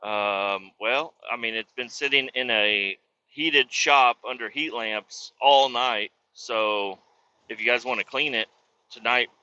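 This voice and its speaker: A man's voice: medium pitch, slow pace, sharp tone. A truck driver venting in a profane, casual vlog monologue from his cab. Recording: dull lo-fi audio with faint road noise.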